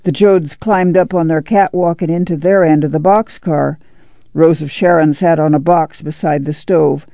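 A man narrating a novel aloud in a steady, even storytelling voice. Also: on the high side, normal speed, gravelly, no echo, highs cut off. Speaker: audiobook narrator. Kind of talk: scripted narration.

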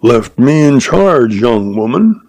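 A bullying old stepfather roars and snarls, rude and domineering, as a male storyteller puts him on. The voice is gravelly with a dark edge, pitched up and drawn out slowly. It sounds like a dry, close reading of a Western storybook. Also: no echo. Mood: angry. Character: bullying gruff older stepfather rancher.

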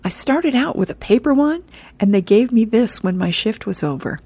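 A woman's voice: a little high, expressive, normal speed, dark tone, slightly rough, no echo, pitched above the performer's own voice. A woman reading the lines of a cheerful teenage boy proud of his new job.

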